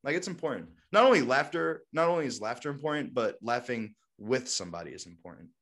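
A young man chatting casually on a podcast in a middle-pitched voice. He rambles, piling on filler words. He keeps it loose and conversational. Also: animated, quick pace, fairly bright tone. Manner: rambling, heavy with fillers like "like" and "you know". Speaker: podcast co-host. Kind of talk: casual chat.

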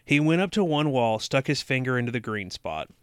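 A man's voice: mid-range voice, very animated, a little fast, smooth, no room sound, studio quality. A man co-hosting a podcast, reading a horror book aloud and breaking off to joke and tease. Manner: joking, teasing, mock-dramatic quoting. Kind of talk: casual reading and banter.

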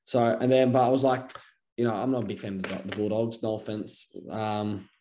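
A man's voice: fairly low pitch, flat delivery, brisk, noisy background. A young man with an Australian accent, co-hosting a podcast in casual chat and rambling through his stories with lots of restarts. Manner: rambling, full of fillers and restarts. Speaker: podcast co-host.

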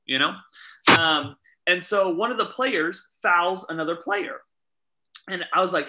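Casting: man, referee storyteller, very bright voice, a little high, animated, quotes people. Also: unhurried, rough recording. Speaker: youth soccer referee. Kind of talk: casual chat, storytelling.

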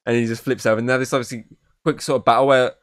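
A man's voice: mid-range voice, flat delivery, racing, dry recording, clean studio sound. A man co-hosting a film podcast, recapping scenes casually with lots of swearing and fillers. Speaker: podcast co-host. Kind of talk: casual film review chat. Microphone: podcast mic.

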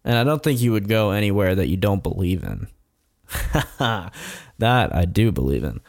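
A man's voice: lowish voice, lively intonation, normal speed, no echo, clean studio sound. A man telling a true story in casual chat as host, rambling with chuckles and blunt asides.

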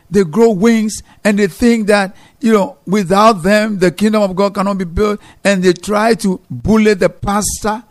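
Emphatic male preacher, fairly high voice. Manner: emphatic preaching with sharp swings between loud exhortation and low, quiet emphasis. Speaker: pastor. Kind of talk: sermon.

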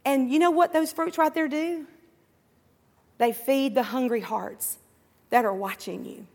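Her voice is high-pitched yet gravelly and darkish as she preaches at a measured pace in a large hall. Through call-and-response cries and impersonations of imagined believers and coworkers, she drives her sermon home.

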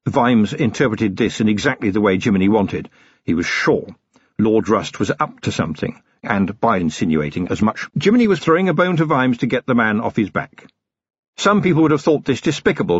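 A man narrating an audiobook in a dry, measured storytelling manner. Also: lowish voice, husky, no echo, highs cut off. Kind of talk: scripted narration.

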